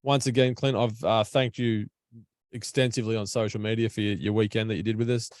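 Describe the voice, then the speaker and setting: A man's voice: fairly low pitch, level tone, fairly quick, darkish tone, no room sound. An Australian man hosting a casual podcast over an online call from home, chatty, blunt and matey. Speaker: podcast host.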